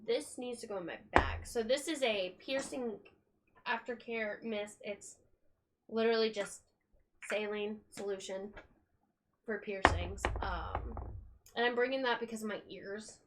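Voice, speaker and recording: A woman's voice: medium pitch, a little slow. Rambling young woman streamer. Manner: rambling, chatty, swears casually. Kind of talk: casual live-stream chat. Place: at home, packing. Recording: steady background noise.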